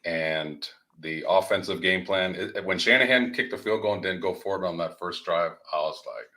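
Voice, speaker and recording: Deep-voiced, bright-toned excitable man. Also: normal speed. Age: middle-aged or older. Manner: excitable, voice jumps up when emphatic. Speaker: sports show co-host. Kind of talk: animated fan analysis on a live stream.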